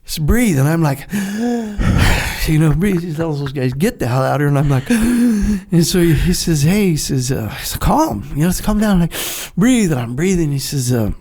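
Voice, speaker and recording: An older man, a retired Navy veteran, telling a lively story in a podcast interview, acting out the dialogue and laughing often. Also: fairly high pitch, normal speed, breathy edge. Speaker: guest, retired Navy SEAL.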